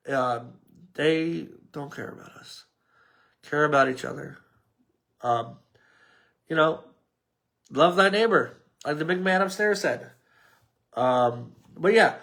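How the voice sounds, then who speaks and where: A man's voice: a little high, sharp tone. A man with a New York accent hosting a casual solo sports podcast, rambling and mumbling at times. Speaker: podcast host.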